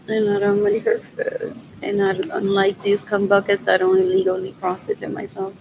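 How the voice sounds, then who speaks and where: A woman's voice: medium pitch, level tone, moderate pace, noisy background. A middle-aged woman rambling to herself in a solo monologue, repeating phrases as she muses. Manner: repetitive, muttering to herself. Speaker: vlogger.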